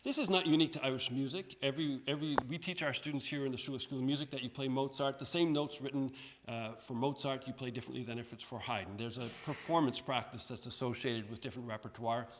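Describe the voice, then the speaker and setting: A man's voice: mid-range voice, fairly even intonation, fast, background noise. A man giving an informal, friendly music lecture, self-deprecating and often restarting his sentences. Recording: long hall reverb.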